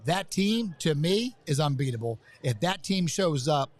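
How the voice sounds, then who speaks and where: A man's voice: fairly high pitch, big pitch swings, measured pace. A man being interviewed live at a business conference, pumped up and rambling, often saying how fired up he is. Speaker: event guest. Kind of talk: excited live interview chat. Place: hotel conference venue.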